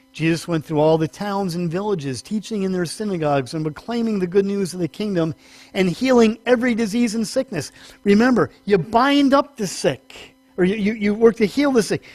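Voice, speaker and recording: Higher-pitched male pastor teaching, dry sound. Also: no echo. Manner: conversational, self-correcting, rises in pitch for emphasis. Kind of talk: sermon teaching.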